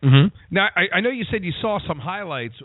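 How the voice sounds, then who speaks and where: A man hosting a radio interview, asking questions in a casual, chatty way with halting restarts. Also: high-pitched, lively intonation. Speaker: radio host. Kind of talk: phone interview. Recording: tinny phone-quality sound.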